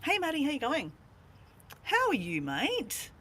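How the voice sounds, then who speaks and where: A woman's voice: high-pitched, huge pitch swings, unhurried, a bit bright, a little hiss or hum. An Australian woman chatting casually on a livestream from her camper van, playful and talkative as she greets viewers. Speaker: vlogger greeting live viewers.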